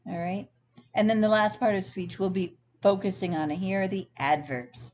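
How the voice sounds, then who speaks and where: A woman instructor explaining grammar clearly and patiently in a recorded lecture over slides. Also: mid-range voice, fairly even intonation, moderate pace, darkish tone. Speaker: ESL instructor. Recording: dull lo-fi sound, faint noise.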